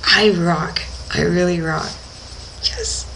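A woman's voice: fairly low pitch, steady tone, moderate pace, fairly bright tone, slight background noise, low-quality recording. A young woman working as a dive instructor, telling a diving story in a casual video diary and acting out her own reactions.

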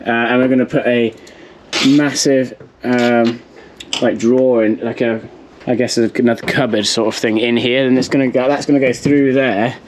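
A man's voice: medium pitch, slight background noise. An English man narrating a casual vlog as he works, chatty and full of ums and likes. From England. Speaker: vlogger.

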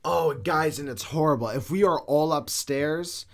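A young man co-hosting a podcast, telling a story in casual, animated chat and swearing freely. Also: a little high, a little slow. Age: young adult. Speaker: podcast co-host.

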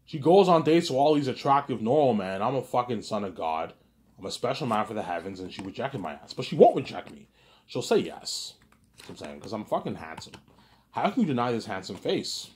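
Rambling young man, low voice. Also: big pitch swings, fairly quick, darkish tone, slight background noise. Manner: rambling, repetitive, swears often. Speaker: vlogger. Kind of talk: casual monologue.

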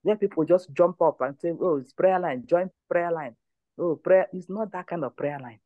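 A woman's voice: lowish voice, normal speed, no room sound, narrow, tinny audio. A woman leads a prayer line, giving testimony and exhortation in an emphatic, repetitive way. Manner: emphatic, repeats phrases.

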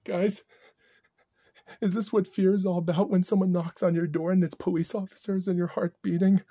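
A man's voice: sits high, little pitch movement, normal speed, mellow, husky, no room sound, studio quality. A man talking anxiously to camera in a vlog, repeating himself and sometimes dropping into panicked whispers. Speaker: vlogger. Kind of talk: distressed vlog monologue.

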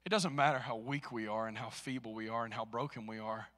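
Male pastor, mid-pitched, preaching with big swings from quiet to loud, long hall reverb. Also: a little fast, hardly any pauses. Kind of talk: sermon. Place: church sanctuary.

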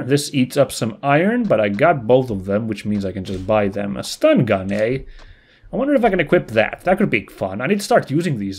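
A man's voice: medium pitch, darkish tone. A young man casually commentating a game as he plays, rambling and correcting himself as he goes. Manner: rambling, self-correcting, chatty. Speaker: let's play host.

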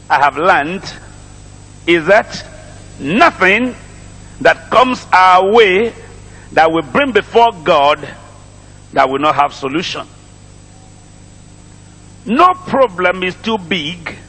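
A man's voice: high voice, pushed and bright, breathy edge, in a large hall. A middle-aged man with a Nigerian accent, preaching a sermon, drawing calls and responses from the congregation and repeating his phrases. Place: church congregation.

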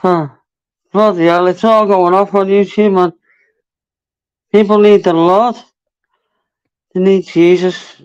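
A man hosting a live stream, excitable and laughing, swearing freely. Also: high voice, clear, resonant tone. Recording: dull lo-fi stream audio.

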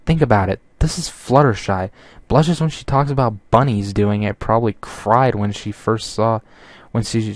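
An earnest, bookish young unicorn librarian who lays out her reasons carefully, as a man reads her part. His low voice lifts only slightly for her, and the sound stays dry and close to the mic. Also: no echo, close to an everyday voice. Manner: earnest, explaining.

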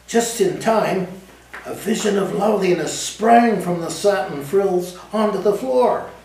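A man reading aloud from his own novel in the first person, with lively, dramatic storytelling at a café event. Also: high voice, a little slow, a little hiss or hum. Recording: echoey room, mic at a distance.

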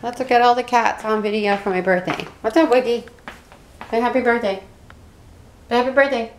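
A woman filming her cats on a handheld camera, coaxing them in baby talk and softly scolding them. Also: fairly high pitch, steady tone, a little fast. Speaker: cat owner filming her pets. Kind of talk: casual home video chat to pets. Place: house and outdoor porch. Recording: home camera with background noise.

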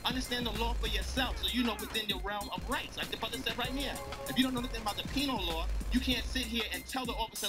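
A man's voice: extremely high pitch, fast, few pauses. A man giving an emphatic, streetwise speech to young people, lecturing and preaching about the community. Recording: loud hip hop music behind.

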